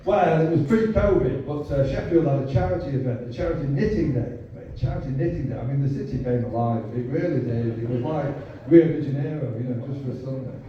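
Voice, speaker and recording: Yorkshire stand-up, thirties, mellow dark voice, sweary crowd banter, echoey distant club sound. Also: male voice, mid-range voice, quick pace, muffled recording, a little hiss or hum. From Yorkshire, England. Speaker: stand-up comedian. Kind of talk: stand-up comedy set. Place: comedy club.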